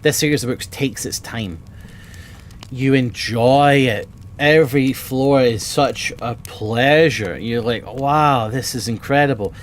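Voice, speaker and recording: Taking it slowly, a medium-pitched man streams from a bookshelf-filled room at home. He rambles enthusiastically and casually about books, cursing freely, over a slight hiss or hum.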